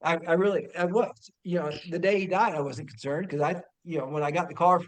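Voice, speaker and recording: A man telling a personal story among family and friends, animated and laughing, with stumbling restarts and bursts of shouting. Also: a little high, fairly quick. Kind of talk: casual storytelling.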